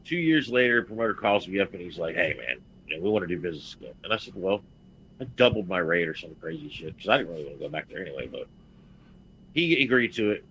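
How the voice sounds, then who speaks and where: A man on a podcast telling a blunt, profane story as a veteran wrestler and getting loud and heated. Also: sits low, expressive, fast, highs cut off, slight background noise. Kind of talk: casual podcast chat.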